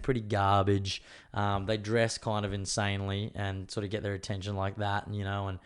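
Male solo show host, lowish and slightly strained voice, candid, rambling, opinionated chat. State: voice strained, worried about losing it. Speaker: podcast host.

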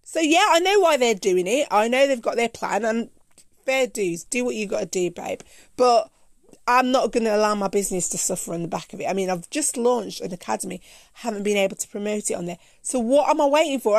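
A woman hosting her own podcast, talking animatedly to her listeners and slipping between accents when she gets excited. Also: mid-range voice, fairly quick, gravelly, dry recording, clean studio sound. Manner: animated, calls listeners baby and honey. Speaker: podcast host. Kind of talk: solo podcast talk.

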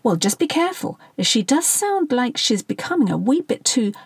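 A woman reading the part of a practical, sharp-tongued middle-aged wife with a brisk manner. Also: a little high, big pitch swings, husky, dry recording, pitched above the performer's own voice, exaggerated voice.

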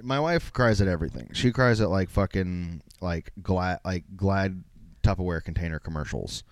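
Young man, podcast host, low-pitched, smooth voice, dry close sound, rambling, profane. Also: normal speed, no room sound. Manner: rambling, profane, self-mocking. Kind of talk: solo casual podcast rant.

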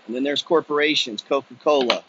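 A man's voice: mid-range voice, a little fast, dull audio, noisy background. A man ranting bluntly and profanely while walking city streets, preaching a motivational walk-and-talk monologue. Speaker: vlogger. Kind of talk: walking-and-talking motivational rant.

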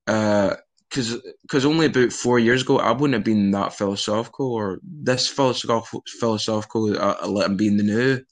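A man's voice: lowish voice, fairly quick. A young Scottish man chatting casually in an interview, rambling with frequent restarts and swearing. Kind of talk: casual conversation.

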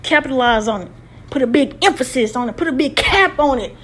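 A woman's voice: high-pitched, animated, fairly quick, fairly bright tone. A woman hosting a podcast, delivering a motivational monologue with emphatic, repetitive, preacher-like exhortation. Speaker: podcast host.

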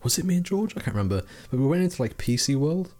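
A young man co-hosting a casual podcast, talking in long, animated runs. He swears freely and slips into quick impressions of other people, with faint music behind him. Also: on the high side. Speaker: podcast co-host. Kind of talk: casual chat.

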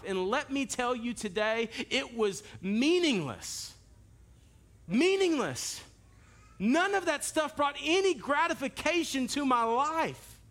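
A man pastor preaching a sermon in an animated, storytelling way, talking directly to the congregation. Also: very high-pitched.

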